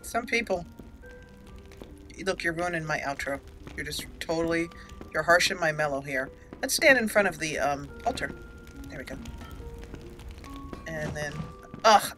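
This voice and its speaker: A woman's voice: deep voice, moderate pace, pauses often, pushed and bright, soft background music, low-quality recording. A woman hosting a let's play, chatting casually over gameplay, giggly and talking back to the characters on screen.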